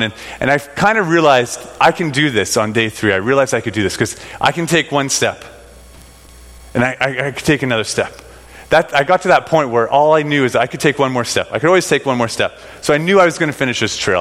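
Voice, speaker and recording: Middle-aged male storyteller, animated and rambling, slightly high-pitched, with long hall reverb. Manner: animated, rambling storyteller with many fillers and restarts. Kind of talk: personal storytelling to an audience.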